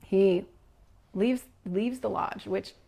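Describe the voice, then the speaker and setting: A woman, a leadership coach, telling a personal spiritual story as a podcast guest, in an animated, earnest way with many "like" and "you know" fillers. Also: mid-range voice, slow pace, creaky, slightly rough.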